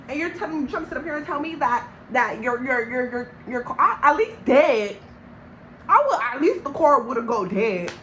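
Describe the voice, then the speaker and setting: A young woman from Long Beach tells a storytime vlog. Her voice sits a touch high, and she speaks in a loose, slangy way while addressing her viewers directly. A faint background hum sits under the recording. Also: a bit bright, low-quality recording. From Long Beach, California. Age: young adult. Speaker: vlogger.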